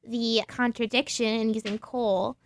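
A woman's voice: on the high side, flat delivery, measured pace, slight background noise. A woman as an earnest North Pole climate advisor. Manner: earnest, official-sounding. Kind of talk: comic radio sketch.

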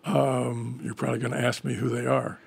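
Male guest, gravelly and husky, a little hoarse; easygoing, rambling, dry self-mocking humor. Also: medium pitch, little pitch movement, fairly quick. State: frog in his throat. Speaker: event organizer guest. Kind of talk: casual radio interview.

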